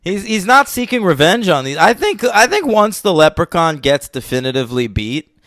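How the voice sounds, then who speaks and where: A man co-hosting a casual film review podcast, laughing often and swearing freely. His voice sits on the higher side and moves animatedly up and down. The sound is dry and close, with no room around it. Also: sing-song, moderate pace, fairly bright tone, no echo. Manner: laughs often, loose and profane. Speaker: podcast co-host.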